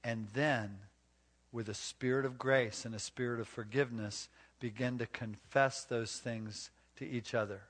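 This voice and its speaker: A man's voice: medium pitch, steady tone, measured pace, fairly bright tone. A man speaking at a marriage retreat, preaching emphatically and coaching volunteers through role-play. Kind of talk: sermon-like teaching with live role-play.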